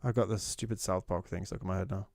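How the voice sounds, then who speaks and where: A man's voice: low voice, fairly even intonation, quick pace, gravelly, darkish tone, no room sound. A man streaming live, muttering to himself in exasperation as he works, then explaining his process to the chat. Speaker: streamer giving feedback.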